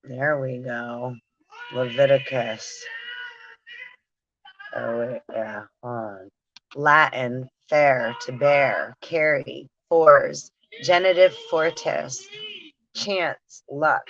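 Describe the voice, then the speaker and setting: A woman hosting a casual metaphysical talk, reading long word lists aloud slowly and giggling between them. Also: extremely low pitch, fairly bright tone, dull audio, slight background noise. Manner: slow, drawn-out word reading with frequent giggles. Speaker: spiritual channel host.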